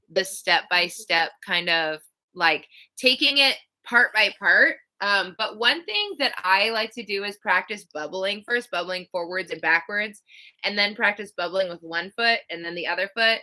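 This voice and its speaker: A woman in her thirties hosts a relaxed live Q&A, answering viewers in a loose, rambling way full of "like" and "um". Her voice is bright and clear and sits at an ordinary pitch for a woman. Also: moderate pace. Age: 30s. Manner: chatty, many "like" and "um" fillers. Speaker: skating channel host. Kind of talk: casual live Q&A chat.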